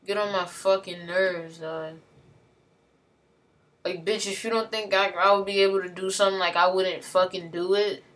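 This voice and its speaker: A woman delivers a heated, heavily profane rant, venting with slang and repetition. Her voice is mid-range, steady in tone, fairly bright, and at normal speed, recorded from a distance.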